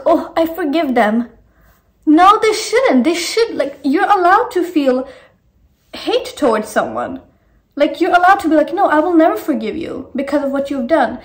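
A woman's voice: on the high side, darkish tone. A young woman hosting a talk video, giving frank, emphatic advice with plenty of swearing. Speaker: host. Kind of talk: blunt direct-to-camera advice.

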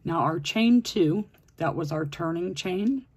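Unhurried crochet instructor with a slightly husky voice, patiently counting stitches aloud in a step-by-step tutorial. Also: medium pitch, lively intonation, a little mellow.

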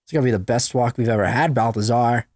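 A woman's voice: a bass voice, fast, darkish tone, no room sound, studio quality. A woman giving casual gameplay commentary, sarcastic and playful, chatting to a virtual puppy.

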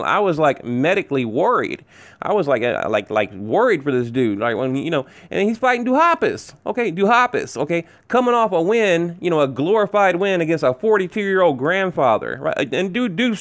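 A man hosting a boxing channel, talking off the cuff in an animated, ranting way. His voice sits a little higher than most men's, and he keeps restarting sentences and firing off rhetorical questions. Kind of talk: casual commentary, reading news and memes aloud.

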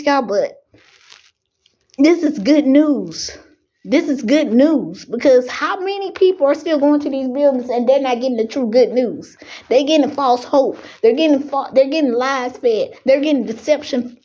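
A young woman preaches a fiery sermon in a bright, high voice. She grows emotional and pleads with herself not to cry, her passion climbing as she goes. The recording is dull and lo-fi, like a home setup. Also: normal speed. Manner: emotional, fighting tears, preaching with rising fervor. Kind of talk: impassioned preaching.

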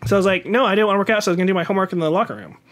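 Young man, high voice, casual podcast chat, rambling storyteller, acts out quotes. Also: rapid-fire, fairly bright tone. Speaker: podcast co-host.

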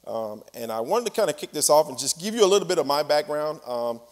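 A man from Mississippi with a Southern twang, a guest speaker giving a chatty, relaxed sermon. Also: fairly high pitch, fast talker. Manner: relaxed, chatty with laughs and fillers. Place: large church hall. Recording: hall reverb from a church stage.

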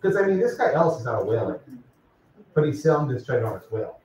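A mid-range male voice, quick and darkish, moves through big pitch swings as a law professor teaches, casually putting questions to students he names. Recorded in a lecture classroom, the sound is distant, echoey, and dull, with slight background noise.

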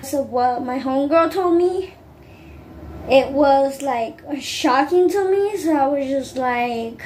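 A woman talks casually to her viewers in a high voice, wandering from one aside to the next. Her speech is loose and full of fillers. A faint hum of ambience sits behind her. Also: slow pace, darkish tone. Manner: rambling, many fillers and asides. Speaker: vlogger. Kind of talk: casual chat to camera.

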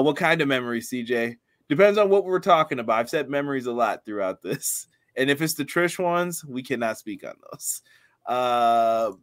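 A man's voice: medium pitch, a bit bright. A man co-hosting a casual wrestling review chat, laughing often and reading out viewer comments. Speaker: podcast co-host.

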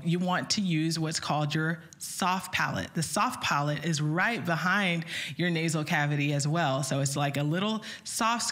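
A woman vocal coach with a slightly low speaking voice gives an upbeat online singing lesson. She talks straight to her viewers and breaks into short sung vowel demos. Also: fairly bright tone.

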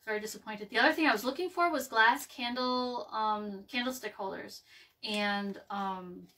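A woman's voice: a little high, normal speed, sharp tone, far from the mic. A woman hosting a casual craft video, rambling and chatty with many ums and restarts as she works. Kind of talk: casual live craft chat. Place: home craft table, indoors.

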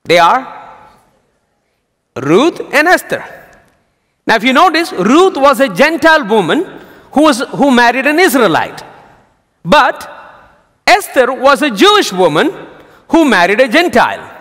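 A male pastor preaching a sermon, telling jokes as a lively storyteller. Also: very high-pitched, unhurried, long pauses. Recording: long hall reverb.

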